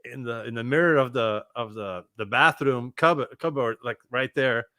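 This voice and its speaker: A man telling a long story as a guest on a live chat show, animated and swearing freely as he acts out what people said. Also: mid-range voice, normal speed, no echo, studio quality. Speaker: guest musician and former tour manager.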